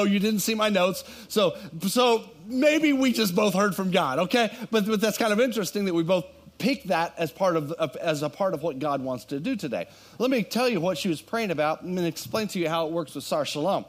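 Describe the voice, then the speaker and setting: A male pastor preaches in a high, bright voice and tells a scripture story with animated energy. He cracks little jokes and often restarts phrases as he goes. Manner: animated storytelling with humorous asides and frequent restarts. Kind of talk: sermon.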